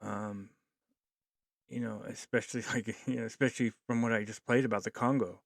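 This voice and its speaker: A man hosting his own podcast, talking earnestly in a rambling way with many pauses and fillers. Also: fairly low pitch, steady tone, gravelly, dry recording, clean studio sound. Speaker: podcast host. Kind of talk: solo podcast commentary.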